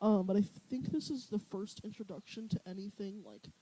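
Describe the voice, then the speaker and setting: A young co-host on a podcast, telling stories in an animated way and laughing often. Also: mid-range voice, brisk, rough recording. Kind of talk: casual chat.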